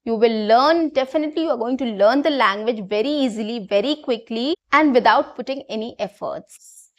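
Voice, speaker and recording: Woman teaching English, higher voice. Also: a little fast. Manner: patient, repeats points, lots of fillers. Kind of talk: spoken English lesson.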